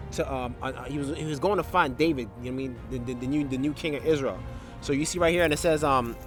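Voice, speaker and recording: A man giving a casual Bible study, talking loosely with filler tags and restarts and reading scripture passages aloud. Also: mid-range voice. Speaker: Bible teacher.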